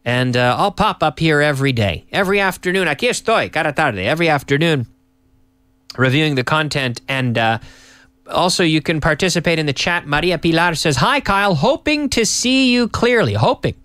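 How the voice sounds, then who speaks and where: A man hosting a live lesson, upbeat and teacherly, repeating phrases slowly for learners. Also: on the high side, lively intonation, fairly bright tone, no room sound. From Canada. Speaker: English teacher and host. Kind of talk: live-streamed English lesson.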